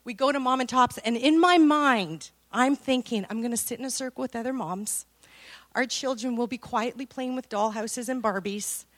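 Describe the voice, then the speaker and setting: A woman's voice: fairly high pitch, moderate pace. A woman, giving a sermon full of personal stories, acting out dialogue and laughing often. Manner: animated storytelling, acts out dialogue, laughs often. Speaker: women's speaker.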